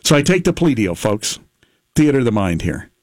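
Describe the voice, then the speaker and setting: A man's voice: mid-range voice, big pitch swings, moderate pace, no echo. Dry-sounding male radio host. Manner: jokey, sets up playful reenactments. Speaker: radio talk show host. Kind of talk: casual radio chat. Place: radio studio. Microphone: studio microphone.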